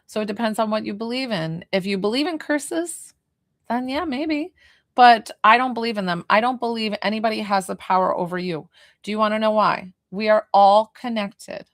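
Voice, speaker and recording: A woman's voice: mid-range voice, moderate pace, no echo. Chatty woman on a dry livestream. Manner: chatty, animated, answers viewers' questions. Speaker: medium doing live readings. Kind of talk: casual livestream chat.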